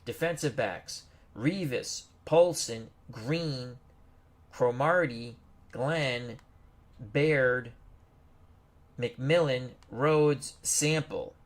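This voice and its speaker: A man hosting a football strategy game stream, reading out team rosters and greeting viewers in a chatty, unhurried way. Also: medium pitch. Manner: slow, chatty, greets viewers and stumbles over names. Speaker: host. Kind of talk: casual game commentary.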